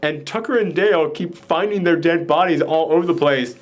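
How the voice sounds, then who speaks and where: A man hosting a casual movie review chat, retelling the plot in an animated way with lots of "like" fillers. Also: on the high side, moderate pace. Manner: animated storytelling, frequent "like" fillers. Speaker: podcast host.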